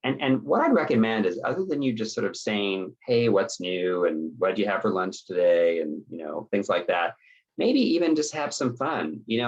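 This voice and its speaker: A man's voice: on the low side, lively intonation, normal speed. A middle-aged man presenting an instructional webinar in a conversational way, often checking in with "okay?" and acting out example conversations. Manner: conversational, checks in with "okay?" and acts out sample dialogues. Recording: dull lo-fi webinar audio.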